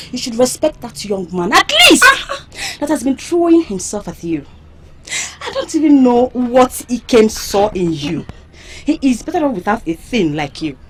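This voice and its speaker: An actress with a Nigerian accent playing a scornful, confrontational friend in a drama. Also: female voice, high-pitched. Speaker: friend (Mwaka). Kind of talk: Nollywood drama acting.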